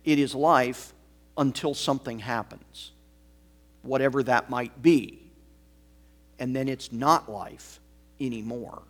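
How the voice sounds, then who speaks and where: A male pastor delivers a sermon at an unhurried pace, leaning hard on repeated words to drive his point home. His pitch sits in an ordinary middle range. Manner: slow, emphatic preaching with deliberate repetition.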